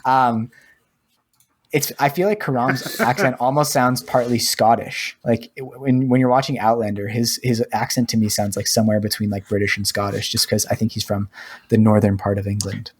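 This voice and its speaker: A man co-hosting a podcast, chatting in a relaxed, rambling way with lots of fillers. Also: medium pitch, normal speed, slightly rough. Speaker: podcast co-host. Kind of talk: casual podcast chat.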